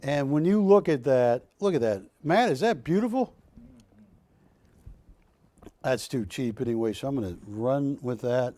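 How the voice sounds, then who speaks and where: A man's voice: mid-range voice, big pitch swings, a little slow, pauses often, mellow. A man hosting a live shopping channel show, chatty and joking with his crew as he sells art prints in a studio. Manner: chatty, jokey, rambling asides to crew. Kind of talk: live TV sales pitch.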